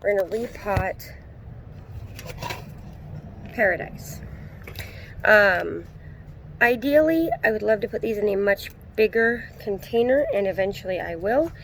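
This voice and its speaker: A woman in her thirties giving a relaxed, casual tour of her backyard garden, with frequent ums, recorded on a handheld phone outdoors. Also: medium pitch, a little slow, long pauses, slight background noise. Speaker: gardening vlogger.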